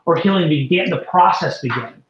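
A man's voice: on the high side, brisk, a loud crowd. Man telling a story over dull echoey audio. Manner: animated, repeats and restarts words. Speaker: guest. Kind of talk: storytelling testimony.

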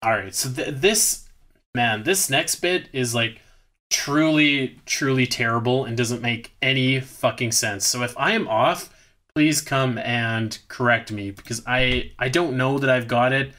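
A man's voice: medium pitch, a little slow, sharp tone. A man co-hosting a podcast, recapping a bad movie in rambling, profane, sarcastic casual chat.

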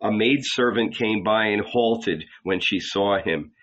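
A man reads a novel aloud in a slow, deliberate way. His voice sits low but has a bright, forward tone. The recording is slightly dull. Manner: measured, deliberate. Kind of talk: slow dramatic reading of a novel.

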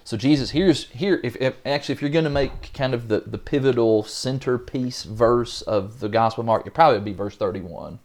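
A man co-hosting a casual Bible study talk, animated and often acting out the people in the passage. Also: brisk, few pauses. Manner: animated, acts out biblical figures with rising pitch. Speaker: Bible study podcast co-host.

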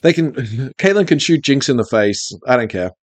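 A man hosting a podcast in casual chat, talking in an animated, rambling way with frequent restarts. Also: mid-range voice, normal speed, no echo. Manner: rambling, animated, self-interrupting. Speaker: podcast host.

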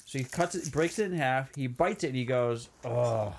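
A man's voice: mid-range voice, fairly quick. A man co-hosting a podcast, casually retelling movie scenes. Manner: relaxed storytelling, quotes scenes. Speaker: podcast co-host. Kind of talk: casual movie recap chat.

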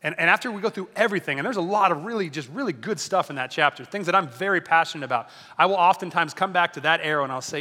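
A man preaching a sermon as a pastor, energetic and conversational, often joking with the congregation. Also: on the high side, fast talker, big-room sound.

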